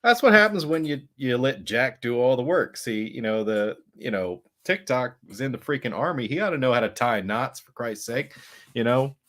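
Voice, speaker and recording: Man, podcast co-host, laid-back, agreeable, mid-pitched voice, casual film chat. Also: animated, moderate pace, fairly bright tone. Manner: laid-back, agreeable, chiming in with short jokes and backchannels. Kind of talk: casual movie review chat.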